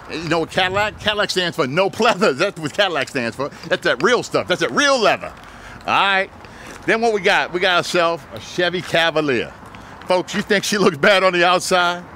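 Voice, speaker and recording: Man, used car dealer, folksy joking patter, bright forceful voice, outdoor lot with faint traffic. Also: high voice, lively intonation, normal speed. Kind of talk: walkaround sales pitch.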